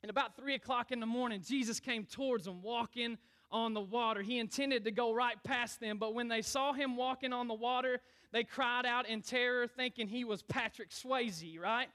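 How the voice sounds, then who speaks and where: A young man, a youth pastor preaching a lively sermon in church and calling on the congregation to answer back. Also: very high voice, moderate pace. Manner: energetic, calls on the crowd to respond.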